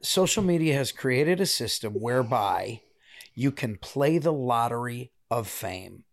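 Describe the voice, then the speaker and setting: A man who is a guest on a casual podcast. He lays out an argument in a measured, explanatory way. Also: mid-range voice, animated, creaky.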